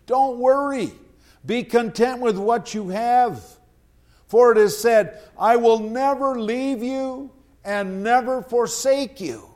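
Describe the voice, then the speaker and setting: A man delivering a sermon in a high voice. He speaks slowly and deliberately, leaning on repeated phrases for emphasis. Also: a little mellow. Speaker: preacher.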